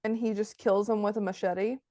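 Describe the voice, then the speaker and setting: A woman's voice: mid-range voice, steady tone, a little fast, mellow, no echo, clean studio sound. A woman co-hosting a podcast, chatting casually and giggly about a film over a video call. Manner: chatty, giggly, lots of restarts. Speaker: podcast co-host. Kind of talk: casual chat reviewing a film.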